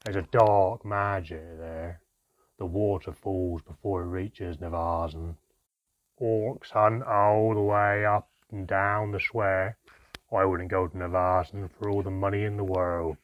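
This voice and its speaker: A man voicing a surly male dwarf sailor with a rough, grunting voice in an audiobook story. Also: low-pitched, steady tone, a little slow, no room sound, dull audio, voice pushed down. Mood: dismissive.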